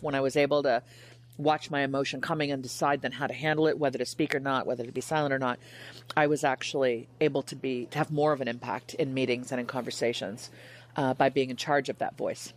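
Low-voiced passionate woman author. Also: fairly quick. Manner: passionate, emphatic, animated emotional retellings. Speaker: author and interview guest. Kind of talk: candid interview conversation.

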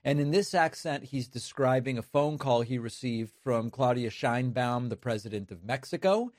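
A man's voice: mid-range voice, animated, moderate pace, a little mellow, dry recording, clean studio sound. Sardonic man hosting political commentary. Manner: emphatic and sardonic. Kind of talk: opinion commentary.

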